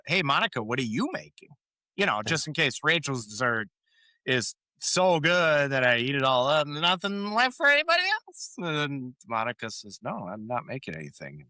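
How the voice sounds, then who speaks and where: Podcast co-host, man, lively up-and-down delivery, bright tone, dry close mic. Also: mid-range voice, moderate pace, no room sound. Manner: animated retelling, quoting lines with frequent laughs. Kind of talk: casual recap chat.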